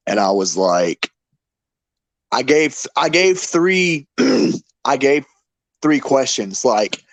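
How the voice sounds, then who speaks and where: A man's voice: medium pitch, expressive, takes it slowly, pauses often, dry recording. Grieving man with a dry close voice. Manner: emotional, repetitive, street-casual talk with "y'all". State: voice breaking with grief. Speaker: memorial speaker. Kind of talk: emotional spoken tribute.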